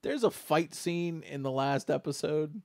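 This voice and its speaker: A man's voice: a little high, lively intonation, unhurried, creaky, a little mellow, no room sound, studio quality. A man co-hosting a casual talk show, chatting enthusiastically and rambling, laughing often. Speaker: podcast co-host. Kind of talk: casual chat.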